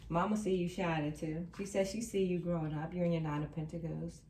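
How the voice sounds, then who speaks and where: A woman with a lowish, dark voice reads tarot for viewers at a fairly quick clip, her tone steady as she reassures them emphatically and repeats her key lines. The distant mic gives a roomy sound with slight background noise.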